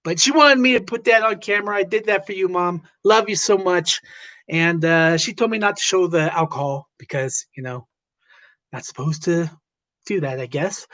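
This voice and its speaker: A woman's voice: fairly low pitch, moderate pace, a bit bright. A woman hosting a casual livestream chat who greets viewers by name and rambles with lots of fillers. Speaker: livestream host.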